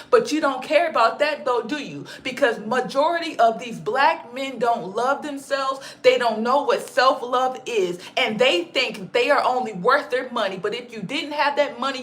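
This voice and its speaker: A woman with a high, sharp, bright voice rants through a commentary vlog. She swears freely, hammers her points home by repeating them, and keeps calling her listeners "baby". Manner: emphatic and profane, repeats lines for effect. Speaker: channel host.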